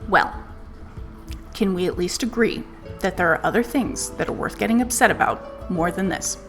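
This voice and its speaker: A woman putting on a stoic grown man, speaking in a flat robotic monotone. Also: medium pitch, normal speed, faint music behind, lightly acted. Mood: stern.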